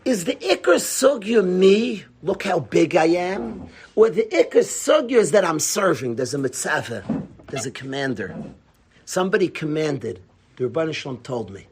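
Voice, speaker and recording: A man giving an animated Torah class. He talks emphatically, repeats key phrases and asks rhetorical questions. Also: a little high, moderate pace, slight background noise.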